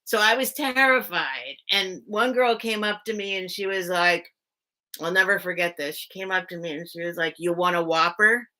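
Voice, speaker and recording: A woman's voice: medium pitch, normal speed, sharp tone. A woman hosting a live sale stream, casually telling a personal story to her chat, full of "like" fillers and greeting viewers by name.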